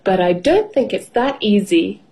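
A woman voicing a confident, spirited mother pig who speaks briskly and with determination. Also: mid-range voice, very animated, dark tone, husky, full character voice. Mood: determined.

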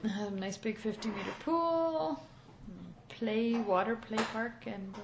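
A woman's voice: fairly high pitch, expressive, a little slow, background noise. A woman hosting a podcast in casual, chatty talk from a small home office studio. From Canada. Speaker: podcast host.

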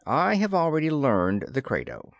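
A man's voice: medium pitch, gravelly, no room sound. A man doing a cold, weary official. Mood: cool. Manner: calm, measured, weary. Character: cold calculating senior male official.

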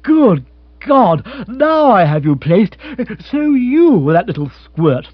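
Blustery stammering upper-class husband, as a reader plays him, high and animated, dry dull sound. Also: male voice, takes it slowly, dry recording, exaggerated voice. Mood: bumbling, hearty. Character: bumbling jovial upper-class English husband. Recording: dry, slightly dull audiobook.

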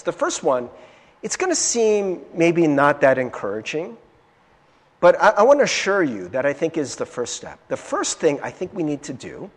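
A man preaching a sermon in an animated way, swinging from loud to hushed and often stammering as he restarts. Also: a little high, breathy edge, big-room sound.

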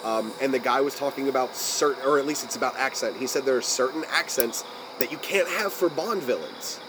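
A brisk American man with a mid-range voice chats loosely as a podcast co-host, cursing freely as he rambles. He often trails off and restarts while searching for the right words, with a faint hiss under his voice.

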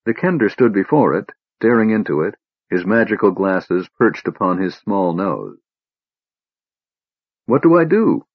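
Audiobook narrator: man, low husky voice, steady measured reading, dry dull recording. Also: dry recording. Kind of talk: scripted fantasy narration.

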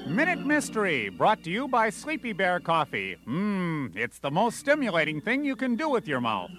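A man's voice: high voice, wildly swooping pitch, normal speed. A man playing a bouncy announcer in a mock radio ad.

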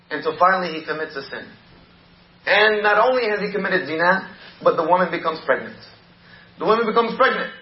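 A man's voice: high-pitched, echoey room, dull audio. A male preacher telling a story in a sermon, with repetitive, emphatic delivery.

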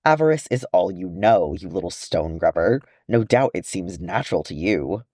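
A haughty male elf, put on by a man reading aloud, cool and sneering. The voice is dark and mellow, recorded close and dry. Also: sits low, expressive, moderate pace, no room sound.

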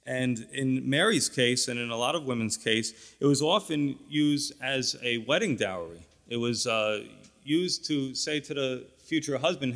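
A man's voice: mid-range voice, a little slow, a bit bright, in a large hall. A man preaching a sermon, explaining a scripture passage in a conversational teaching manner with asides and fillers. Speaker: pastor.

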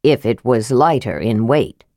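A woman voicing a gruff, grumbling old male dwarf in an audiobook, blunt in manner. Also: a bass voice, unhurried, warm tone, no room sound, studio quality, voice pushed down. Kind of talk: audiobook character voice.

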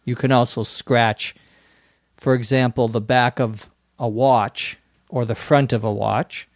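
Slow, patient man with a Minnesota accent. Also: mid-range voice, fairly even intonation, no echo, clean studio sound. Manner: patient, spells words out. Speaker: English teacher and podcast host. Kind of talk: slow explanatory lesson.

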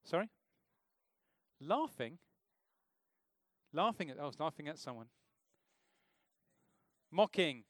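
A man's voice: a little high, very animated, takes it slowly, long pauses, fairly bright tone, dry recording. Guy preaching in church, chatty, keeps asking the crowd stuff, dry close sound. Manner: conversational, asks the congregation questions. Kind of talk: informal sermon.

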